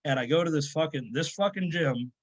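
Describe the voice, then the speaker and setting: Powerlifting coach guy, kinda high voice, swears nonstop, animated storytelling. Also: brisk. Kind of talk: casual storytelling interview.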